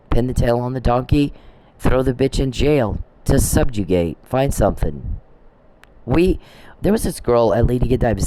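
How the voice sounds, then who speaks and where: A man's voice: medium pitch, dark tone. A man in a rambling, profane recorded rant, accusing people by name and telling a story with quoted back-and-forth.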